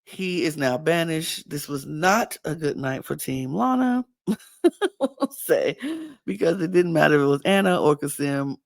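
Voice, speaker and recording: A woman's voice: low voice, measured pace, vocal fry, no room sound. A woman hosting a casual podcast, animatedly retelling a reality show episode and acting out the cast's lines. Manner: animated retelling, acting out cast members' quotes. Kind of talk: casual recap chat.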